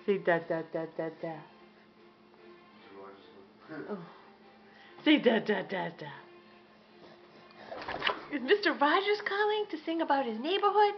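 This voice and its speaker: A woman's voice: fairly high pitch, lively intonation, takes it slowly, pauses often, muffled recording, soft background music. A mother cooing at her baby at home in a sing-song, coaxing way.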